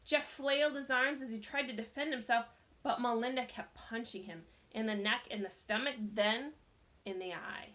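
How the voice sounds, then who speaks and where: A woman reading a children's novel aloud in a lively, expressive way. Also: on the high side, moderate pace. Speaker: narrator.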